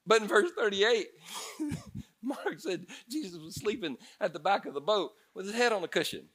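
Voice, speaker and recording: A male pastor preaching a sermon, animated, moving between loud bursts and hushed passages. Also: high-pitched, normal speed.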